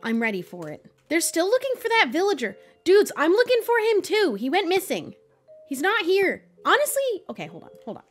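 A young woman streaming Minecraft chats playfully while she builds, even talking to the animals in her game. Her voice is very high, with wildly swooping pitch and a slightly quick pace, and faint music plays behind her in this casual gameplay commentary.

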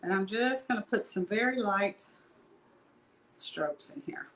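A woman's voice: mid-range voice, animated, unhurried, fairly bright tone, a little hiss or hum, rough recording. Chatty woman teaching painting. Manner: chatty, rambling, folksy asides. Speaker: painting instructor. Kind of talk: casual live painting tutorial.

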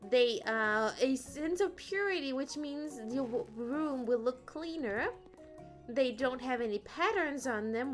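A woman streamer chatting playfully and rambling as she plays, often singing little ditties to herself. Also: high voice. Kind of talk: casual gameplay chat.

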